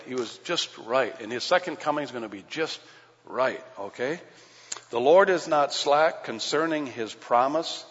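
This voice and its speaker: A man's voice: on the high side, fairly bright tone, husky. A man preaching a sermon in a folksy, plain-spoken way, full of rhetorical questions and everyday comparisons. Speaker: pastor. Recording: dull lo-fi recording in a reverberant hall.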